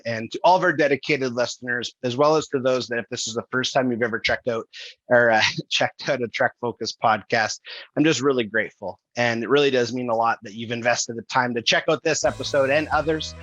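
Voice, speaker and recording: A man's voice: mid-range voice, pushed and bright, no room sound. A man hosting a podcast, wrapping up the episode in an enthusiastic, effusively grateful way. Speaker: podcast host. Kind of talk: podcast outro. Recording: dull lo-fi dry sound.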